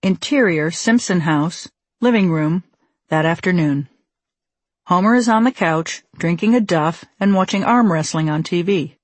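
A woman narrating her own memoir as an audiobook, with a wry, measured delivery on a close microphone. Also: lowish voice, no echo.

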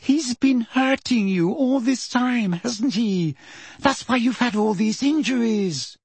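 A man voicing a frightened, clever teenage girl who speaks in a shrill, agitated way in an audiobook. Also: takes it slowly, breathy edge, no room sound, full character voice. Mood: alarmed. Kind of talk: audiobook character voice.

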